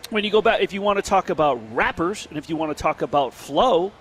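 A man co-hosting a casual sports talk show, telling stories in an animated way with quick restarts. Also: sits high, husky. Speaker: sports radio co-host.

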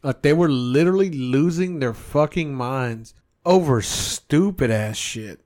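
A man with an ordinary mid-range voice hosting a casual podcast. He talks loosely and profanely, gets animated, and slips into mocking impressions of other people. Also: mid-range voice, measured pace. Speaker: podcast host. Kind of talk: casual chat.

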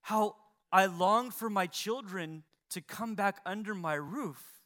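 A man's voice: high-pitched, takes it slowly, a bit bright. A middle-aged male pastor preaching a sermon, building emphasis and asking his listeners rhetorical questions.

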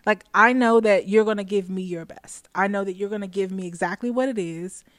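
A woman's voice: mid-range voice, fairly quick, fairly bright tone, no room sound. A woman talking through her thoughts on a casual talk show, circling back and restarting as she goes. Her voice sits in a middle range and the sound is dry and close. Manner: reflective, frequent self-restarts, laughs often. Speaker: podcast co-host. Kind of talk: casual chat.

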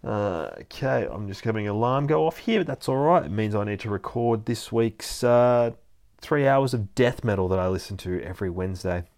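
A man with a low, heavy voice talks through a comic book issue panel by panel. He swears constantly, gets excited by the action and breaks into laughter often. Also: normal speed. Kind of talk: casual comic book recap.

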